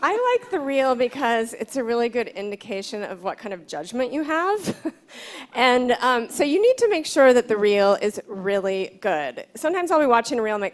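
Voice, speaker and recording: A woman's voice: a little high, sing-song, normal speed. A woman who works as a commercial agent, speaking frankly and chattily on a panel. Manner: chatty, frank, many fillers. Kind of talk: panel discussion.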